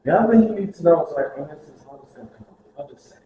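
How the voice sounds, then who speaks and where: A man telling lively stories about prison ministry to a group, acting out the voices of the people in them. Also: a little high, very fast. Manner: animated, acts out dialogue, laughs at own stories. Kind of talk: storytelling talk to a group. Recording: very echoey room with faint hiss.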